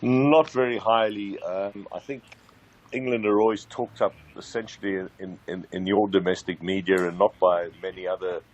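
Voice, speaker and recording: A man speaking as a football correspondent over a remote line, in a measured, slightly hesitant way. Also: sits low, steady tone, low-quality recording. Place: based in Africa.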